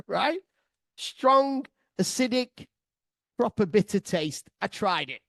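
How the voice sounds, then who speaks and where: A man telling a sweary comic travel story to his listeners, excitable, laughing often and swearing freely. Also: sits high, slow, creaky, no echo. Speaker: podcast storyteller.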